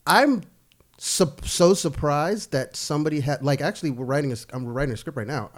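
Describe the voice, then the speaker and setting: A man's voice: fairly high pitch, brisk. A young man, a podcast guest, telling stories in casual chat, laughing and swearing freely.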